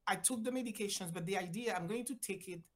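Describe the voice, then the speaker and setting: An older woman from Haiti, a physician guest telling a personal story with lively voiced-out quotes and big swings in pitch. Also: quick pace. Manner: animated, acts out voices with big pitch jumps.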